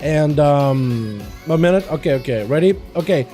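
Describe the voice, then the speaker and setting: A man from Russia, streaming and casually chatting with viewers, then giving brisk play-by-play commentary on game duels, sometimes stumbling over his words. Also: fairly high pitch, expressive, mellow, faint music behind.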